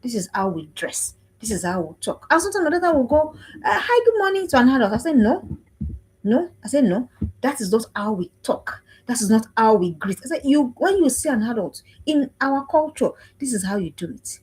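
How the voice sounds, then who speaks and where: A woman's voice: fairly high pitch, expressive, brisk, darkish tone, breathy edge, low-quality recording. A woman around forty from Africa, giving a preaching talk on parenting, emphatic, repeating phrases and asking if listeners understand. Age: 40s. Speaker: speaker on parenting. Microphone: livestream.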